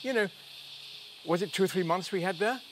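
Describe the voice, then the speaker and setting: A man's voice: high voice, a little fast, heavy background noise. A man guest in a chatty interview, telling anecdotes jovially, laughing often and restarting his sentences. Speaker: reality show contestant guest.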